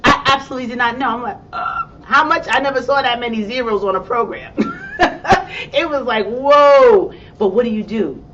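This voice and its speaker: A woman with a New York accent tells a motivational story from a stage and acts out her own excited reactions. She sounds set back from the microphone, and the recording is dull and muffled. A faint rumble hums underneath her voice. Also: quick pace, few pauses, distant mic. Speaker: motivational speaker.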